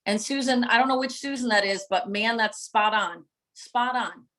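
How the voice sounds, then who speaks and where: A woman's voice: on the high side, moderate pace, a bit bright, low-quality recording. A middle-aged woman giving a live motivational talk to viewers, passionate and preacher-like, driving points home with emphatic repetition. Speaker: motivational speaker and coach.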